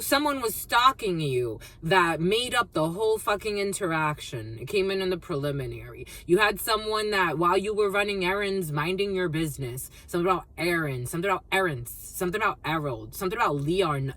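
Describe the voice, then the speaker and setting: A woman's voice: fairly low pitch, lively intonation, brisk, fairly bright tone. A woman giving a collective tarot reading, rambling and free-associating, repeating phrases and swearing freely. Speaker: tarot card reader.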